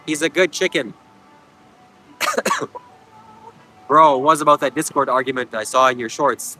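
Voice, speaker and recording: A man from Canada streaming outdoors at a beach, answering his chat with deadpan jokes. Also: fairly high pitch, low-quality recording. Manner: deadpan, joking replies to chat. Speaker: livestream host reading chat. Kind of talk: casual livestream chat.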